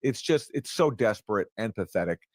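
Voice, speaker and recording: A man hosting a political commentary show, brisk and scornful as he talks. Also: lowish voice, animated, dry recording. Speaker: show host.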